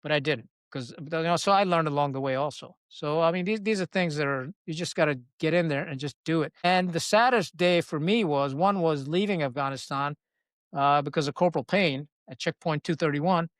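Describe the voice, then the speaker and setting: A man's voice: on the high side, a little fast, no room sound. Blunt, salty man telling war stories. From Pakistan. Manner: blunt, salty, animated storyteller. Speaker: podcast guest, retired Marine officer. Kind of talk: candid conversational storytelling.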